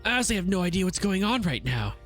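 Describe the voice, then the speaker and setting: A VTuber streamer reading a visual novel aloud and chatting with a co-host in a brisk, matter-of-fact way. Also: medium pitch, sing-song, soft background music.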